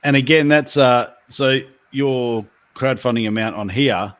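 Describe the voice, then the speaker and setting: A man's voice: medium pitch, unhurried. A man from Australia, hosting a casual live video chat and asking chatty questions. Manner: chatty, asks questions with filler restarts. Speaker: live show host.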